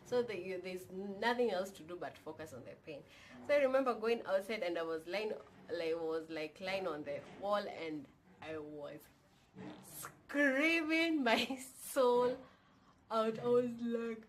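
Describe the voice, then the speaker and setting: A young woman shares her own story in a casual, candid vlog. She talks in a chatty way and mixes in the odd Swahili phrase. Her voice sits in a middle pitch, and a faint background hum runs under it. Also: measured pace. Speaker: vlogger.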